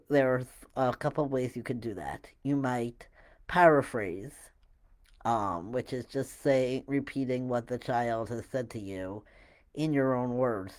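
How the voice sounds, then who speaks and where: A man explaining a listening technique to parents in a relaxed, halting way, with many fillers and restarts. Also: mid-range voice, clear, resonant tone. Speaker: parenting educator. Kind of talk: casual instructional talk to camera.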